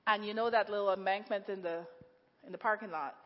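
A middle-aged woman preaching a sermon at her church, telling stories in a lively way with frequent laughs and lots of "like". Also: mid-range voice, quick pace. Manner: lively storytelling, laughs often, many "like"s. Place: church sanctuary. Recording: echoey hall, dull lo-fi sound.

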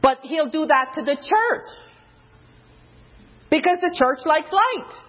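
A woman preaches an informal sermon in a loose, conversational way full of fillers, jumping higher in pitch whenever she quotes someone. She's expressive and slow, heard on a dull, lo-fi recording.

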